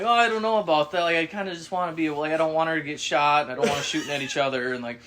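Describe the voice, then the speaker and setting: Podcast co-host, man, casual animated storyteller, salty language, mimics the people he quotes. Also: on the high side, very fast. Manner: animated, swearing, acts out quoted voices.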